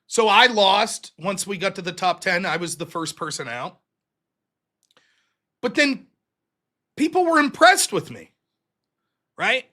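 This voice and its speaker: Male American streamer, casual profane monologue, high bright voice. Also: measured pace, long pauses. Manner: profane, animated storytelling. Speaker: streamer and show host.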